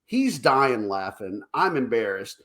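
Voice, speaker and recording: A man co-hosting a casual talk show, telling stories over drinks, acting out quotes in higher voices and laughing often. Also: big pitch swings, slow pace, a bit bright. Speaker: podcast co-host.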